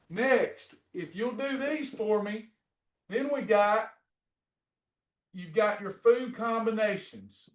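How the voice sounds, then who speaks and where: High-voiced man coaching a faith-based diet class. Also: fairly bright tone. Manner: preachy, repetitive, encouraging. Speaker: weight-loss program coach. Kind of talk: faith-based nutrition lesson.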